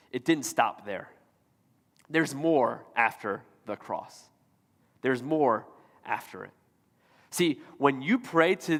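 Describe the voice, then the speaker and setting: A man's voice: medium pitch, big-room sound. A man pastor delivering a sermon, preaching emphatically and repeating rhetorical questions to the congregation. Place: church auditorium.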